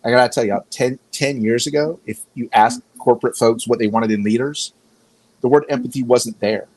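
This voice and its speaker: A man's voice: mid-range voice, normal speed, darkish tone, low-quality recording. A man talking as a podcast guest, telling stories in a rambling way and often restarting his sentences. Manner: rambling, self-correcting storyteller. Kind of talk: casual conversation.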